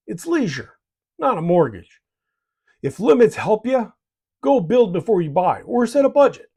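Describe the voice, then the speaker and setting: A man's voice: high-pitched, darkish tone, husky. A man hosts a miniature painting channel, giving scripted hobby advice in a jokey, folksy way. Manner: jokey and folksy, tags lines with "eh".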